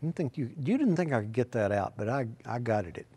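A man preaching a sermon, telling rambling folksy stories and swinging from quiet asides to loud, shouted emphasis. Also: mid-range voice, lively intonation, brisk, husky.

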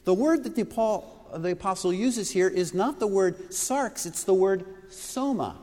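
A man's voice: sits high, expressive, measured pace, dark tone. A male pastor preaching a sermon, teaching with rhetorical questions. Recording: reverberant hall recording.

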